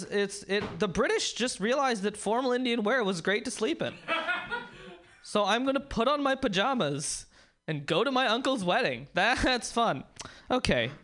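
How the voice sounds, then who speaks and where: At an open mic, a twenty-something stand-up comedian with a high, somewhat bright voice rambles through a self-deprecating set and chats with the audience.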